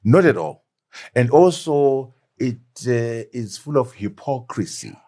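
This former Zimbabwean deputy prime minister, a middle-aged man, talks slowly in a sing-song, mid-range voice with a dark tone. As a guest in an animated political interview, he is emphatic and keeps posing rhetorical questions.

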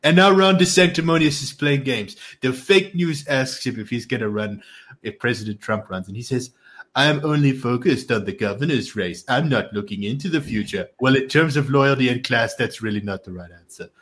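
A man's voice: medium pitch, animated, normal speed, a bit bright, close to an everyday voice. A man voicing a boastful, blustering male politician in a comic impression, reading a statement aloud with bragging claims and mocking nicknames.

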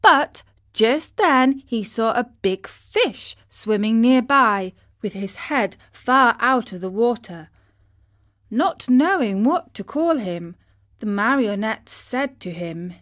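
A woman reads a storybook to children, her voice sitting a little higher than most women's. She takes the story very slowly and clearly, shaping each sentence with expression. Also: animated, fairly bright tone, no echo, clean studio sound. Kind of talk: scripted storybook narration.

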